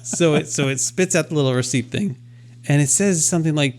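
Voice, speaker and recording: A man's voice: a little high, brisk, a little mellow. A man co-hosting a podcast, telling a self-deprecating story in casual chat and acting out his own thoughts as he goes. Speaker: podcast co-host.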